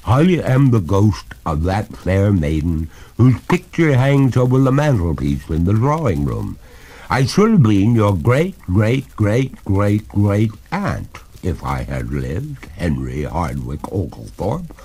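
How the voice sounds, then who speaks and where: A man voicing a haughty, centuries-old female water ghost with a gurgling voice, speaking slowly and grandly on a story record. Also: fairly low pitch, wildly swooping pitch, warm tone, slightly rough, exaggerated voice. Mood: mournful. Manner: slow, grand, indignant speech.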